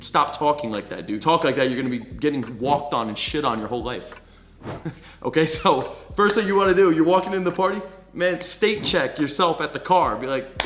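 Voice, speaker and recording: A man's voice: on the high side, brisk, fairly bright tone, a little hiss or hum. A man coaching viewers on social confidence, in a blunt, profane, pep-talk manner. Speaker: dating coach. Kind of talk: direct-to-camera coaching monologue. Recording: echoey room.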